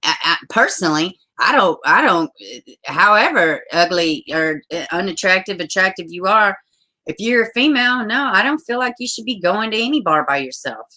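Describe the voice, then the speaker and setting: A woman hosts a casual livestream, chatting with viewers, reading their comments aloud and saying "y'all." Her mid-range voice has lively intonation and a sharp tone at normal speed.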